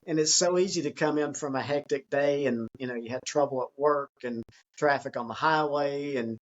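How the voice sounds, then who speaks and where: A man speaking as a guest author in a conversational interview, earnest and reflective, sometimes acting out an excited child's voice. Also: mid-range voice, dull audio.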